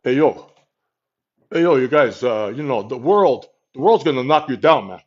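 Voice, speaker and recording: A man doing an impression of a gruff, mumbling, middle-aged boxing-movie star, giving a repetitive pep talk. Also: mid-range voice, expressive, moderate pace, a little mellow, highs cut off, voice pushed up, natural voice. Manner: pep-talk delivery, repeating phrases.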